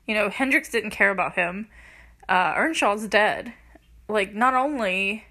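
A woman's voice: mid-range voice, measured pace, bright, forceful tone. A young woman casually recapping a movie scene by scene, chatty and gushing, filling her talk with "like" and laughing between lines, close to tears. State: teary, close to crying. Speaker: movie reviewer.

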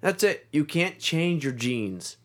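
A man's voice: a little high, very animated, takes it slowly, a bit bright. A man co-hosting a podcast in casual chat, swearing freely and restarting often. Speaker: podcast co-host.

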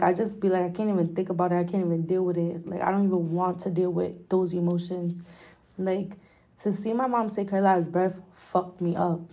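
A woman's voice: fairly low pitch, warm tone. A young woman hosting a podcast, telling a personal story in a candid, emotional way, swearing often and filling her talk with "like". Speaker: podcast host.

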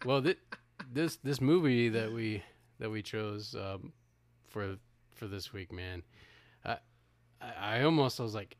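A man's voice: on the low side, a little slow, pauses often, dry recording. A middle-aged man co-hosting a podcast, chatting casually and rambling a little, often restarting his sentences. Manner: rambling, self-deprecating, restarts and laughs. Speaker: podcast co-host.

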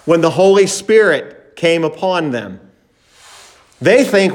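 A pastor delivers an emphatic sermon in a fairly high male voice. He slows down to stress words and lifts his voice when acting out quoted speech. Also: animated. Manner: emphatic preaching, acts out quoted disciples in a raised voice.

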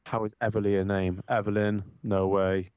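A man's voice: on the low side, normal speed, clean tone, no echo. A man co-hosting a casual podcast, telling rambling, swearing stories and acting out other people's lines in a raised voice. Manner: rambling storyteller, animated, quoting others in raised voice. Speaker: podcast co-host. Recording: dull lo-fi, dry.

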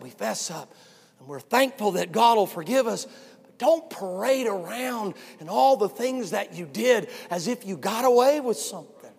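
Older man, preacher, high voice, hushed to shouting, long hall reverb. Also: lively intonation, moderate pace, gravelly, slightly rough. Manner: swings from hushed asides to fervent shouting. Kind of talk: sermon.

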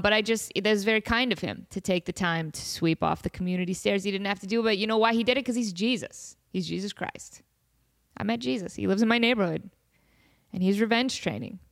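A woman hosting a podcast, telling a funny story in a casual, animated way and laughing often. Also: mid-range voice. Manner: giggly, animated, laughs often mid-sentence. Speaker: podcast host.

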